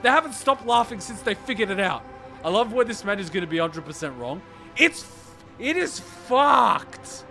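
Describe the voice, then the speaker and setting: A man reacting to a game story, ranting excitedly and swearing heavily. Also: high-pitched, normal speed, gravelly, soft background music. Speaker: reaction streamer.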